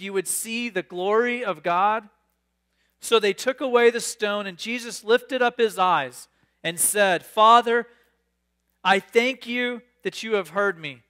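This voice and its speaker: A man preaching a sermon, reading scripture aloud and riffing on it with animated, excitable asides. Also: high-pitched. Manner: animated, reads scripture then riffs with sudden bursts of excitement. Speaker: pastor.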